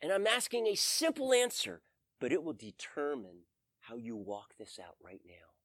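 A man delivers a sermon with a lively, swooping pitch. He tells a personal story and acts out his own pleading prayers in a raised voice. The sound is dry and close. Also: normal speed, dry recording. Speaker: pastor.

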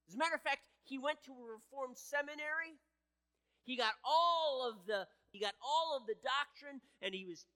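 A man delivering a sermon with a bright, forceful voice that builds in earnest intensity. He often stops and restarts his sentences. The sound carries a long reverb from a large hall. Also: very high-pitched. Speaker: pastor.

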